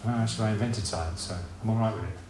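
Easygoing reassuring God, a preacher doing him, roomy hall. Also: male voice, on the low side, very fast, a little hiss or hum, lightly acted. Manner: casual, relaxed reassurance. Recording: roomy hall with faint ambience.

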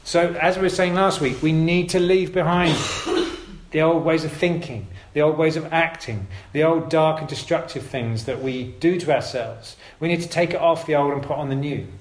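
A man's voice: a little high, moderate pace. Man preaching in a roomy hall. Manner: conversational, self-correcting, emphatic. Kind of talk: informal sermon. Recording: roomy echo.

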